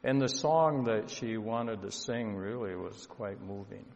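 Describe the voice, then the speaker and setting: A male pastor telling a story in a sermon, slow and earnest, with emotion rising at times. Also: on the low side, creaky, darkish tone. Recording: dull lo-fi sound with long hall reverb.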